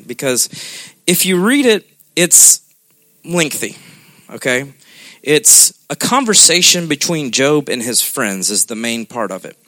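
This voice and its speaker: Here a man preaches in a conversational style, frequently asking the congregation "okay?" His medium-pitched voice sounds pushed and bright. The studio recording is clean, with no room sound.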